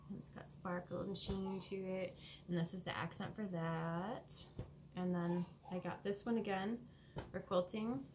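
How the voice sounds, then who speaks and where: A woman vlogger showing off her cross-stitch haul at home in a rambling, hurried way, with many pauses and ums. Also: mid-range voice, slight background noise. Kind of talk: casual show-and-tell haul. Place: home, indoors.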